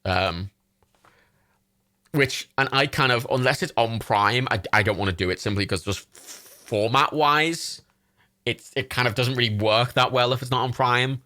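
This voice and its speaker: Browsing films on his livestream, a twenty-something man from Ireland talks at a medium pitch, a little slowly, in a sharp tone. The dry, studio-quality recording captures his rambling, enthusiastic chat, full of fillers and swearing.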